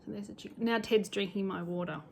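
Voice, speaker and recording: A woman's voice: mid-range voice, steady tone, quick pace, vocal fry, slight background noise. A middle-aged Australian woman chatting casually and rambling cheerfully about sewing and stitching at home, now and then poking fun at herself. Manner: chatty, rambling, self-deprecating. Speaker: cross-stitch vlogger. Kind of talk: casual chat.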